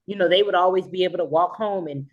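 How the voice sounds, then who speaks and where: A woman's voice: fairly low pitch, fast. A woman co-hosting a podcast who responds sympathetically and chats casually about her own upbringing. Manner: sympathetic, conversational. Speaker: podcast co-host. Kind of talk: casual conversation. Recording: dull lo-fi sound.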